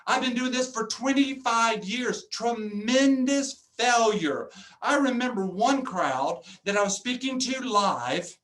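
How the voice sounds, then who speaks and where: A man giving a motivational keynote talk as a professional speaker, animated and jokey, acting out customers in funny voices. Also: extremely high pitch, slow.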